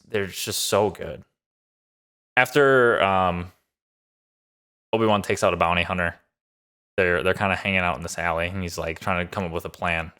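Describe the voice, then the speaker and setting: A man with a low-sitting, fairly bright voice recaps and reviews a TV episode in a casual way. He's upbeat and rambling, loose and enthusiastic, packing in lots of fillers like a typical show reviewer.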